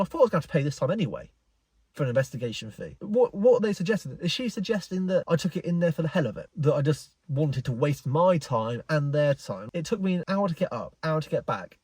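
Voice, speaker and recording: A man's voice: a little high, lively intonation, fast, a little mellow, slightly rough, dry recording. A young man telling a frustrated story to camera, incredulous and rambling. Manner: exasperated, incredulous, rambling with many "like"s. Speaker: car enthusiast vlogger. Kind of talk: casual storytelling rant.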